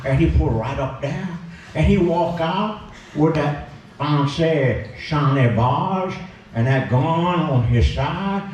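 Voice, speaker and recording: A male pastor telling folksy comic stories in a Cajun persona, deadpan and dialect-heavy. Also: fairly high pitch, takes it slowly, highs cut off, a little hiss or hum. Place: church. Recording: echoey church hall from far off.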